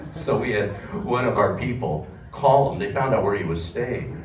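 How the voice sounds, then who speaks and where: A man's voice: on the low side, animated, distant mic. A man, a former radio morning host, reminiscing on stage in a chatty, laughing way. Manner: chatty and laughing, with a quick back-and-forth. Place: indoor music venue. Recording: echoey room, heard from afar over a crowd.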